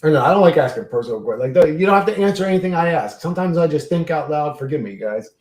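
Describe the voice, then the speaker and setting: A man's voice: fairly high pitch, expressive, fast, darkish tone, roomy sound. A man hosting a livestream, rambling casually and profanely while reading and answering chat. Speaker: livestream host.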